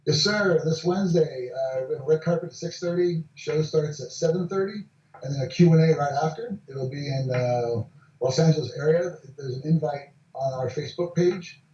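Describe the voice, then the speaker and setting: A man, a film director guest, answering interview questions politely with halting repeats. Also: on the high side, darkish tone. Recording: distant, echoey, dull remote line.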